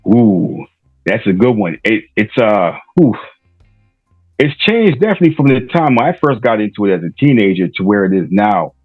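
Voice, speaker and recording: A man's voice: fairly low pitch, sing-song, normal speed, breathy edge, no room sound, dull audio, faint music behind. A middle-aged man from Rhode Island, a podcaster guest telling stories casually and loosely, with many fillers and restarts. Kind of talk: casual interview storytelling.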